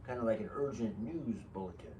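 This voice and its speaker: A man hosting his own show tells rambling, digressive stories in a casual monologue, tossing joking asides to his listeners. His voice is fairly low, warm and expressive, moving a little fast. The mic sounds distant, with a faint background hiss.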